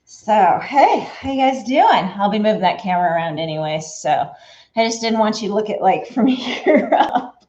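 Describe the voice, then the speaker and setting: A woman's voice: mid-range voice, expressive, normal speed, a little mellow. A woman hosting a casual quilting livestream, chatty and laughing often as she greets viewers by name. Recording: echoey room, dull lo-fi sound.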